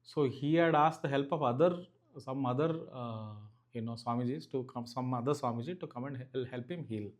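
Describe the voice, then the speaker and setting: A man's voice: medium pitch, fairly quick. Earnest male spiritual teacher, reflective delivery with filler-laced restarts, mid-range voice. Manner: earnest, thoughtful, frequent "you know" fillers and restarts.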